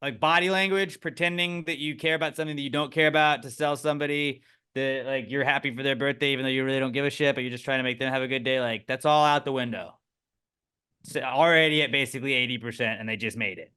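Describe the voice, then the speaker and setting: A man co-hosting a podcast in casual chat, animated and swearing freely. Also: mid-range voice, quick pace, clean tone. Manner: animated, swears often, voices people mid-story. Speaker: podcast co-host.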